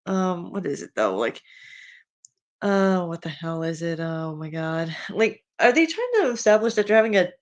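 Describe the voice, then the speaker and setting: A woman's voice: lowish voice, sing-song, normal speed. An outspoken woman with a Spanish accent, streaming and chatting loosely as she comments on fan fiction. Her talk wanders, full of ums, likes and restarted sentences. She voices her views bluntly and with plain exasperation. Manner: rambling, with many fillers and restarts. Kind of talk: casual rambling commentary while reading fan fiction.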